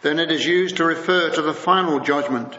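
A man's voice: on the high side, sharp tone. Man preaching in an echoing hall. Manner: measured, slows to read scripture. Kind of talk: sermon. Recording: muffled recording in a big echoing hall.

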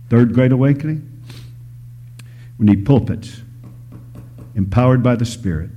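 A man preaching a sermon, shifting between loud emphasis and hushed whispers, telling stories and asking the audience questions. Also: on the low side, slightly rough. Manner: storytelling, asks the audience questions.

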